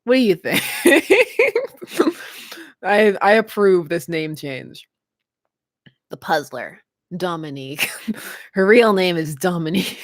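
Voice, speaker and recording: A chatty woman hosts a casual livestream, laughing easily between thoughts. Her pitch bounces around a lot as she talks. The sound is dry and close, with no room echo. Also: sing-song, slow, long pauses. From Canada. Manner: chatty, giggly, laughs often. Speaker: livestream host.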